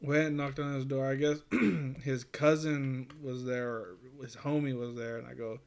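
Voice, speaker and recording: A man in relaxed casual conversation tells a long, rambling story, peppered with curses and laughs. His voice sits at a middling pitch. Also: normal speed, creaky, hardly any pauses. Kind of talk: casual chat.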